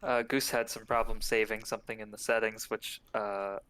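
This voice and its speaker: A man playing along on a live stream, chatting casually with quick offhand reactions to the game. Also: fairly low pitch, level tone, fairly bright tone, clear, resonant tone. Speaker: co-player on stream. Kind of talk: casual gaming chat.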